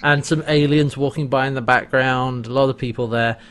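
This man talks through a TV episode with a friend in loose, rambling chat. His voice sits at an ordinary pitch, and he keeps the retelling lively and animated. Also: fairly quick. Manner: rambling, animated retelling with laughs and acted-out quotes. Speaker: podcast co-host recapping an episode. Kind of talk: casual chat.

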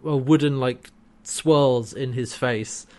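A man's voice: medium pitch, slow, a little mellow. A man co-hosting a casual podcast, recapping a TV episode, often laughing and acting out lines. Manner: chatty, laughs often, acts out quotes. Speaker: podcast co-host.

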